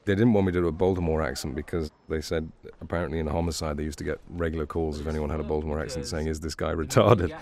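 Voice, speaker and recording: A man's voice: extremely low pitch, level tone, very fast, few pauses, a crowd in the background. A man, an actor chatting casually on a commentary track about his work. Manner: chatty, eager storyteller. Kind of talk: casual chat.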